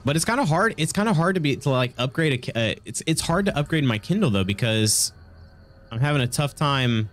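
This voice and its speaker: A man's voice: on the high side, lively intonation, a little fast, fairly bright tone, faint music behind. A man streaming a video game, congested with a stuffy nose, chatting casually and laughing with his viewers. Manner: chatty, reacts to chat, laughs often. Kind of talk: casual gaming stream chat.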